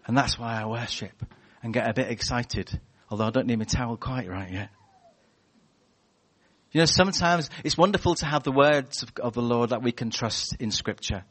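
A man giving a lively church sermon, chatty and animated, slipping into acted-out voices as he tells stories. His voice sits at an ordinary middle pitch. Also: moderate pace, husky. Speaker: preacher.

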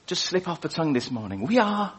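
A man's voice: on the high side, very animated, quick pace, fairly bright tone, breathy edge. Man preaching conversationally. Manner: informal, conversational, asks the congregation questions. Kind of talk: prayer and sermon. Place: church service.

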